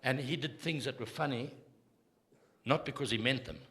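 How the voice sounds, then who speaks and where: Forceful and bright, this mid-range voice belongs to a stand-up comedian in his sixties with a South African accent. Speaking at normal speed, he delivers a crude, brash set in a theatre, goading the audience while the crowd laughs.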